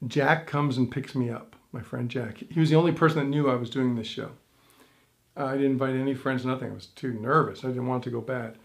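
A middle-aged man, a stage hypnotist and teacher, telling a story in an animated way with quoted thoughts. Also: fairly quick, vocal fry. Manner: animated storytelling with big pitch swings and quoted inner thoughts. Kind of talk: storytelling to camera.

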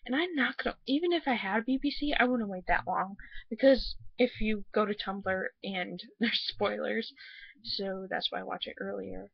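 A woman's voice: mid-range voice, normal speed, gravelly, husky, dry recording, highs cut off. A young woman from the United States giving a casual, rambling video review, gushing with many fillers after crying. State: just finished crying. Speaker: vlogger.

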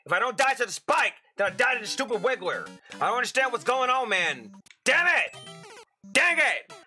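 A young man giving excitable gameplay commentary as a channel host, breaking into loud frustrated outbursts and crude jokes. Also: extremely high pitch, fast, soft background music.

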